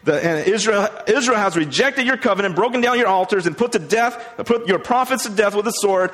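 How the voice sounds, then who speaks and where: A man's voice: high voice, a little fast, a bit bright, pitched above the performer's own voice. A man preacher voicing a weary, self-pitying male prophet who complains in a raised, strained voice. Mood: aggrieved. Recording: long hall reverb.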